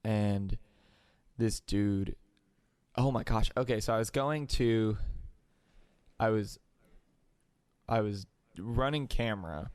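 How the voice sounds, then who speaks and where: A man's voice: on the low side, a little mellow, no echo. Podcast host guy rambling a story, lots of likes, dead dry mic. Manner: rambling with many "like"s and restarts. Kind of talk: casual storytelling.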